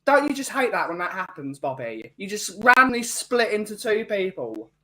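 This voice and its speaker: A man's voice: high voice, sing-song, normal speed, pushed and bright. A man hosting a casual banter podcast, teasing and joking with his co-hosts. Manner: teasing, jokey. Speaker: podcast host.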